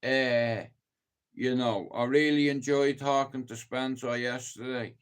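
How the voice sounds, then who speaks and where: A man with an Irish accent talks slowly and deliberately through a casual live-stream monologue. He swears freely and leans hard on his points, speaking in a middling voice. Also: medium pitch, steady tone, clear, resonant tone. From Ireland. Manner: sweary, emphatic storytelling.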